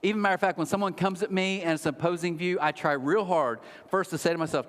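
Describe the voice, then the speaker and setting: A middle-aged man preaching a sermon as a pastor, humorous and animated with mocking asides. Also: sits high, rapid-fire. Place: large church auditorium. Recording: long hall reverb.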